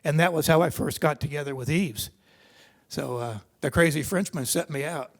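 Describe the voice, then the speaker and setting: A man's voice: a little high, normal speed. Older man telling racing stories. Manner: rambling, conversational, many restarts. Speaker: seminar speaker, racer. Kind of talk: personal storytelling talk. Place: seminar hall.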